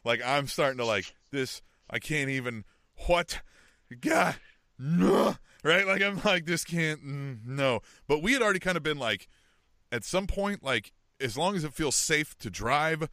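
Animated middle-aged man telling a story. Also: a little high, unhurried, no room sound, studio quality. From Kansas City area. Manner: animated, frequent "you know what I mean" and "right?". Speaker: podcast co-host. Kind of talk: casual storytelling chat.

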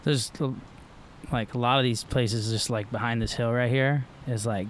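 A man's voice: medium pitch, fairly even intonation, moderate pace, slight background noise. A middle-aged man from Florida, a pro surfer guest, talking in a loose, rambling way with lots of fillers and restarts. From Florida, USA. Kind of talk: casual podcast conversation.

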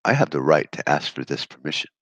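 A man's voice: rumbling low, sing-song, fast, fairly bright tone, no echo, exaggerated voice. A man voicing a smug male zoning director who scolds and threatens, swearing as he lays down the law. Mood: smug scolding. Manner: condescending, threatening, profane.

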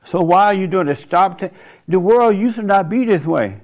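A man with a somewhat high and gravelly voice hosts a loose spoken monologue. He drawls colloquial phrases, drifts from story into preaching, and keeps breaking into laughs at his own remarks. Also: animated, moderate pace.

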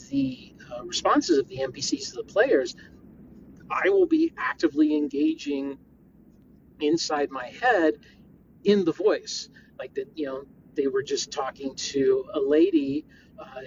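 A middle-aged man leaving a rambling, enthusiastic voice message about game mastering, on a dull lo-fi recording. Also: fairly high pitch. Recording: dull lo-fi voice message with faint hiss.

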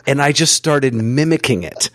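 A male podcast host whose pitch swings widely as he talks, playful and animated, trading stories in casual chat. The sound is dry and close, with no room echo. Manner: animated, playful storytelling with quick asides. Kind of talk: casual conversational interview.

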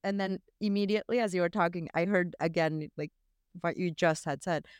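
A woman hosting a podcast, her voice smooth and clear. She talks candidly and reflects openly on her own life. The recording is dry and close. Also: on the low side, brisk, no echo. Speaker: podcast host. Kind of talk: casual podcast conversation.

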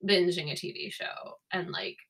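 A woman's voice: lowish voice, steady tone, normal speed, a bit bright. A woman co-hosting a podcast, telling rambling, chatty stories in casual conversation. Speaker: podcast co-host. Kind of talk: casual chat.

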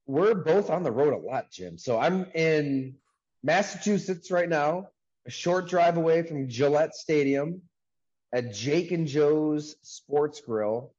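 A man hosting a casual sports podcast over a video call from a sports bar, talking in an upbeat, chatty way with quick asides. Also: a little high, animated, darkish tone, highs cut off. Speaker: podcast host.

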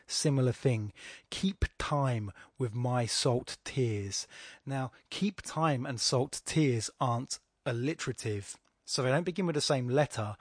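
A man talks through a poem on his podcast, a teacher who thinks aloud with plenty of fillers and restarts. His voice sits in an ordinary middle pitch. It is recorded close to the mic and sounds dry, with no room echo. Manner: thinks aloud with fillers and restarts, slows down to read lines aloud deliberately. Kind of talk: informal poetry analysis podcast.

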